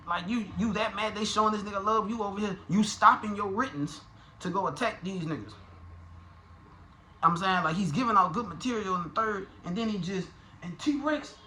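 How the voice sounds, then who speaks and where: A man giving a casual, profane, animated review of a rap battle, talking in slang and restarting his sentences often. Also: high-pitched, a little fast, slight background noise. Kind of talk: casual commentary.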